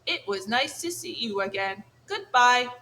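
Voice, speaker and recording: A woman playing a gentle robot mother in a storybook, formal and unhurried. Her speech is calm and polite, with a clear, bright tone. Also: fairly high pitch, slight background noise, rough recording. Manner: formal, calm, even, no contractions.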